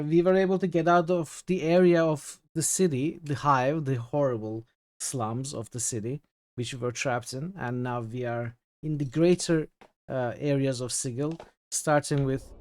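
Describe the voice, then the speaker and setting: A man's voice: mid-range voice, darkish tone. Chatty man streaming a game. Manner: chatty, reads game text aloud, greets chat. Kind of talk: casual game livestream commentary.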